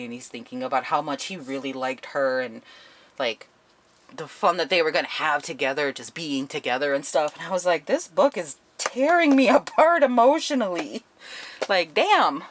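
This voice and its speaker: A woman's voice: very deep voice, fairly bright tone, slight background noise. A woman giving a casual spoken book review, retelling the plot bluntly and swearing often.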